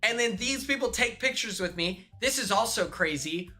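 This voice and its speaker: Young guy on stream, sharp bright voice, keeps saying like, bit of music under it. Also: high-pitched, moderate pace. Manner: rambling, animated, heavy use of "like". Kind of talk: casual storytelling on a livestream.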